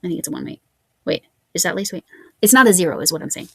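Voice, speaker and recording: Gravelly-voiced woman chatting about yarn. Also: lowish voice, animated, fast talker, no room sound. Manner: chatty, musing aloud while reading yarn labels. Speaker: crochet vlogger. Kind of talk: casual show-and-tell chat.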